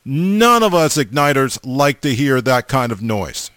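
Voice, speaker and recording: A man's voice: mid-range voice, big pitch swings, measured pace, a bit bright, no room sound, studio quality. A man in his forties preaching a sermon, emphatic, with stammering restarts and repeated calls to his listeners.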